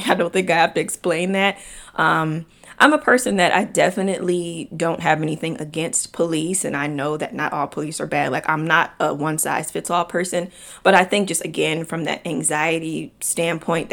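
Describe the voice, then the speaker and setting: Young female podcast host, low voice with vocal fry, emotional personal storytelling. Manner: emotional, chatty, addresses listeners as y'all.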